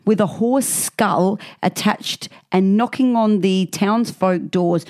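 A woman, co-hosting a podcast in casual chat, who reads out odd facts with relish and deadpan punchlines. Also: medium pitch, takes it slowly. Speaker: podcast co-host.

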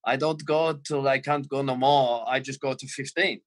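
A man's voice: mid-range voice, fairly even intonation, normal speed, no room sound, natural voice. A man voicing a blunt, eccentric male footballer, speaking in clipped broken sentences with a put-on Scouse-German accent. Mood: stubborn. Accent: mock Scouse-German.

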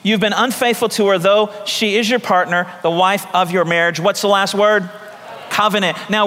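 A man's voice: high-pitched, a bit bright, big-room sound. A man preaching a sermon as pastor, talking in a conversational way with repeated phrases and acted-out voices.

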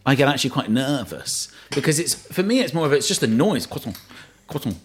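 A man with a London accent chats over a dinner table, spinning stories with playful mock grandeur. His pitch swoops up and down with lively animation. A faint hiss of noise sits in the background. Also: fast. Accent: London English. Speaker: dinner guest. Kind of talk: casual chat over dinner.

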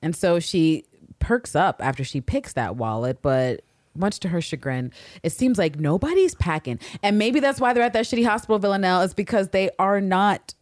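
A podcast co-host in casual recap chat, animated, laughing often and acting out characters' lines, swearing freely. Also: medium pitch, moderate pace, no echo, clean studio sound.

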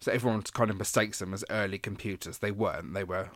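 A man's voice: fairly low pitch, quick pace, a bit bright, no room sound. A man co-hosting a casual podcast, explaining history with frequent ums and restarts. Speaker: podcast co-host.

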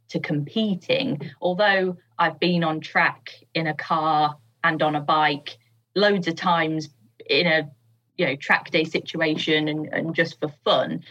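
Woman guest, chatty and easygoing, husky lower voice, dull lo-fi recording. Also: a bit bright. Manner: chatty, laughs often, many fillers. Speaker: podcast guest, TV presenter. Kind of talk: casual chat.

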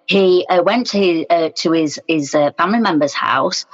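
Woman, interview guest, blunt and plain-spoken, mid pitch, reverberant muffled recording. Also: moderate pace. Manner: frank, plain-spoken, retells scenes in quoted speech. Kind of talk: personal account in conversation. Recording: dull sound with long room reverb.

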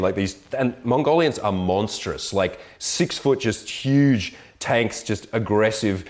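A man casually telling an animated, profane travel story in conversation. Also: fairly low pitch, slow pace, hardly any pauses. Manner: animated storyteller, swearing, voices others.

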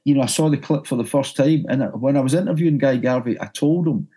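A man's voice: medium pitch, fast, warm tone, husky. A middle-aged Glaswegian man, a music broadcaster, telling a story animatedly and stumbling over repeated words. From Scotland. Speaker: broadcaster and music journalist guest. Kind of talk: anecdotal storytelling.

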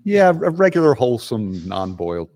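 A man's voice: medium pitch, very animated, moderate pace, a little mellow. Middle-aged male podcast guest, blunt and profane, loose casual delivery. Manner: blunt and profane, with frequent restarts.

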